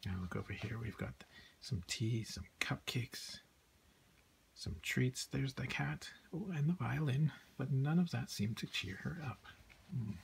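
A man hosting a storytime as Santa, reading a children's picture book aloud. His voice is gravelly and sits at a middle pitch, gentle and often sinking to a near whisper, with a faint hiss behind it. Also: lively intonation, a little slow.

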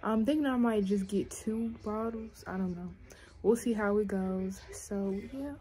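A woman's voice: medium pitch, steady tone, a little slow, mellow. A young woman in casual vlog chat, talking straight to her viewers in a chatty, filler-heavy way. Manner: chatty, addresses viewers directly, frequent fillers. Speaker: vlogger.

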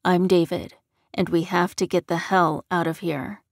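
A woman's voice: fairly low pitch, flat delivery, measured pace, creaky, dry recording, clean studio sound. A woman voicing a young man, a blunt and brave wolf shifter, giving curt orders in an audiobook. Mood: urgent. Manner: commanding, curt.

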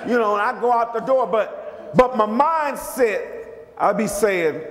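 A man preaching a lively, conversational sermon as a bishop, calling out questions to his congregation. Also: high voice, measured pace, roomy sound, in a large hall. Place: church.

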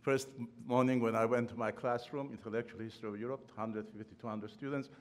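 A man's voice: medium pitch, fairly even intonation, fast talker. An older man with a non-native English accent gives a eulogy at a memorial. He tells humorous personal anecdotes and chuckles, with slightly non-native grammar, speaking at a podium microphone. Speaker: memorial speaker, former professor and trustee. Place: large ballroom at a podium.

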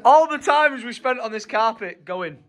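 A high, bright male voice, full of playful teasing. He swings his pitch up and down all the time, a young vlogger chatting casually behind a handheld camera. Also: moderate pace. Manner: playful, joking, animated. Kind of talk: casual vlog chat.

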